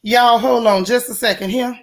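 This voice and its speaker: A woman hosting a casual morning livestream, chatting in a colloquial way and greeting viewers one by one by name. Her voice is a little hoarse as it recovers. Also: on the high side, fairly even intonation, moderate pace, a little hiss or hum. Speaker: livestream host.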